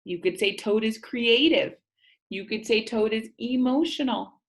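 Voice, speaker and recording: A woman teacher reading a storybook aloud and explaining it to students, asking them gentle questions. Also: fairly high pitch, a little slow.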